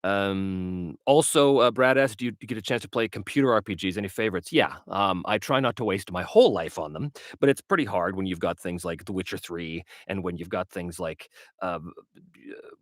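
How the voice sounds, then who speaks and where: Chatty man on a livestream, low voice. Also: fairly quick, dry recording, clean studio sound. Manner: rambling, chatty, lots of fillers and laughs. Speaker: livestream host and game master. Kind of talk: casual livestream Q&A reading chat questions. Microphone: webcam livestream setup.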